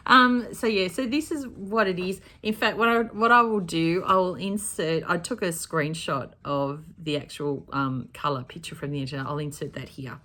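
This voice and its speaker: A woman with a notably low voice talks through her stitching plans in a relaxed, rambling way. She often backtracks and corrects herself mid-sentence, in the easy manner of a home craft vlog recorded in her craft room. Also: moderate pace, hardly any pauses. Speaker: cross-stitch vlogger. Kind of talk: casual chat.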